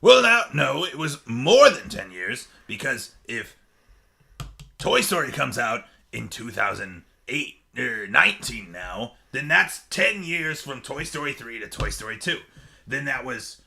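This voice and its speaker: A man doing a gravelly, bright jovial pirate captain. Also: mid-range voice, very animated, a little slow, full character voice. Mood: chatty. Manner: peppers talk with pirate "aye" and "yar". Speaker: podcast co-host. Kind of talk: costumed casual chat.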